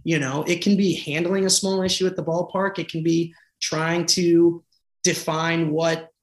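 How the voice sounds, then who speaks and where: Political candidate, male, from the Boston area; earnest, passionate delivery with restarts, slightly high voice, reverberant room. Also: flat delivery, unhurried. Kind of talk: conversational interview.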